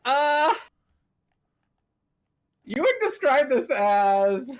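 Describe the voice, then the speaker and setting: A man chatting as a player in a tabletop game, pausing often to search for words. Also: very high-pitched, sing-song.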